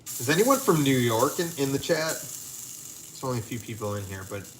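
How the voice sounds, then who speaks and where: A man's voice: medium pitch, sing-song, moderate pace, slight background noise. A man hosting a casual cooking livestream from his home kitchen, chatting to viewers and reading their comments aloud. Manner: chatty, talks to viewers and reads chat aloud. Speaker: livestream host.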